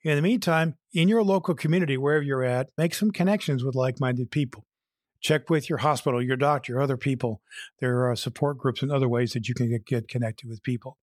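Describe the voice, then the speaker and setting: A man's voice: medium pitch, fairly quick, dry recording, clean studio sound. A man hosting a podcast, giving earnest, motivational encouragement and telling a joke. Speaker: podcast host.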